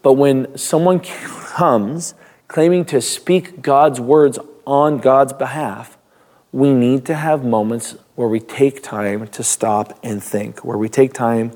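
A male pastor reading a Bible passage, then giving a relaxed, conversational devotional with occasional restarts. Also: mid-range voice. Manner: reads scripture, then talks loosely with restarts and small laughs.

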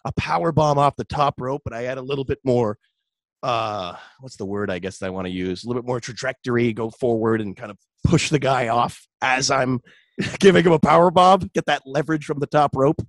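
A young man, a radio host, chatting casually in an interview, relaxed and full of "dude" and "like". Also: medium pitch, a little fast, no echo. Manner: laid-back, chatty, says "dude" and "like" often. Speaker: radio host and metal vocalist.

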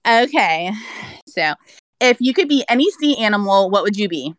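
A woman guest on a casual podcast, excitable and scattered, giggling between questions. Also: medium pitch, normal speed, dry recording, low-quality recording.

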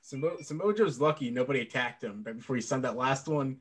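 A man's voice: mid-range voice, fast, breathy edge. Rambling man in casual wrestling chat. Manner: rambling, heavy filler words, laughs often. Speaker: podcast co-host.

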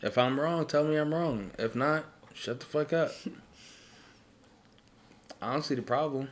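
A man's voice: on the high side, a little slow. A man in casual, profane podcast chat, talking bluntly and with emphasis. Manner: blunt, emphatic, swears often.

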